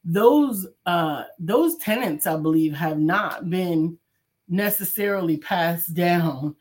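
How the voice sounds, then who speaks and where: A woman's voice: fairly low pitch, lively intonation, slow, a little mellow, slightly rough. A woman co-hosting a casual morning talk show, greeting listeners and reading messages aloud. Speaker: co-host.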